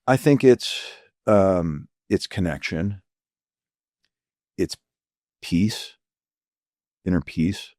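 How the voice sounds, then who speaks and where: A middle-aged man with a very low voice talks earnestly, pausing often and hunting for the right words as he reflects. He sounds close to the mic in a dry, dead room with no echo. His tone can turn quietly emotional. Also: expressive. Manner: halting, searching for words, many fillers. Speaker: physician guest. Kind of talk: reflective interview conversation.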